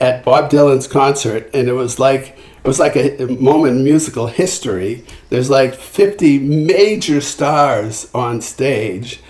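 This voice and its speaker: Older man telling animated stories. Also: mid-range voice. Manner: animated anecdotes with acted-out quotes and frequent restarts. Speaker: singer-songwriter guest. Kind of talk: storytelling in a podcast interview. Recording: roomy echo.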